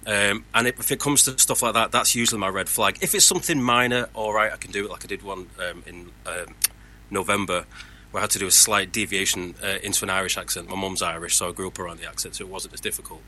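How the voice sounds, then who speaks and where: A voice actor talking frankly about his work, earnest and reflective. He speaks quickly in a sharp, bright, somewhat low voice. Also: steady tone. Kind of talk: casual chat.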